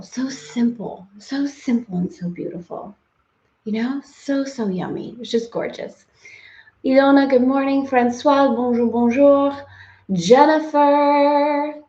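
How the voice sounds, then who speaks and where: A woman in her forties hosting a live stream, chatting warmly and effusively with viewers, greeting them by name and laughing often as she tells stories. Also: on the high side, gravelly. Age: 40s. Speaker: host of a live spiritual study stream. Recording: roomy, slightly dull live-stream sound.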